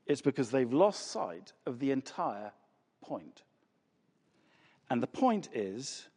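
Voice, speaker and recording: A man's voice: mid-range voice, big pitch swings, slow, long pauses, darkish tone, husky. A man preaching a sermon with emphasis, asking rhetorical questions and repeating words for effect. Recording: long reverb of a large hall.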